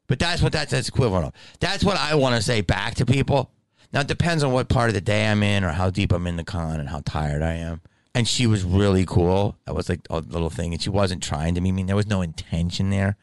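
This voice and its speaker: Podcast host, middle-aged man, very low gravelly voice, loose profane storyteller. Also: brisk, no room sound. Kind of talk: casual monologue.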